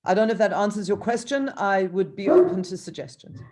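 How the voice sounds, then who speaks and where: A woman's voice: medium pitch, expressive, a little fast, dark tone. A woman author reading from her own novel, then talking with hesitant ums and restarts over a video call.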